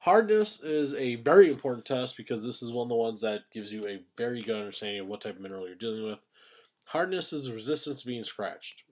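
A male science teacher talks through a recorded lesson. He explains in a plain, steady way, stressing each key term for his students. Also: lowish voice. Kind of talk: recorded classroom lecture.

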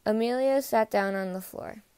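A woman narrating a children's picture book in an even, clear read-aloud style. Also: on the high side, normal speed, no echo.

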